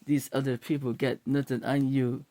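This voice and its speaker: A relaxed young boyfriend, done by a man in his own voice. He is easygoing and loving, and sometimes half-raps a line. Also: mid-range voice, moderate pace, no echo, natural voice.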